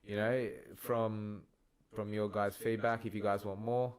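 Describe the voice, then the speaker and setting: A young man co-hosting a podcast, laid-back and quick to laugh, swearing in casual chat. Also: fairly low pitch, little pitch movement. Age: young adult. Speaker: podcast co-host.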